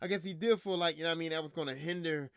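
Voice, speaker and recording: A man's voice: fairly high pitch, very fast, a bit bright, clear, resonant tone, no room sound, clean studio sound. A man hosting a podcast, ranting in casual, profane, slangy talk, repeating himself, a little drunk. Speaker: podcast host.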